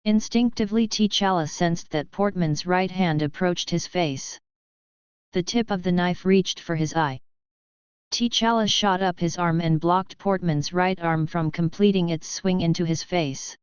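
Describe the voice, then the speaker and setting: A woman reading an action story aloud in an even, measured way. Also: lowish voice, smooth, dry recording, dull audio. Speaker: narrator. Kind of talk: storybook narration.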